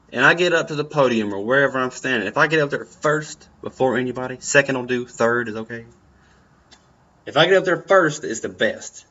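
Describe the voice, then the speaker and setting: A young vlogger gives earnest, encouraging advice in a personal talk, often repeating his phrases. His medium-pitched voice sounds pushed and bright, and the recording has a dull, lo-fi quality.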